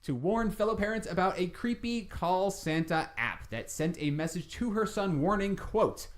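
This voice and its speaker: Male co-host, dry humor, reads news aloud with lively, swinging pitch. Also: normal speed. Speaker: podcast co-host. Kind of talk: casual chat.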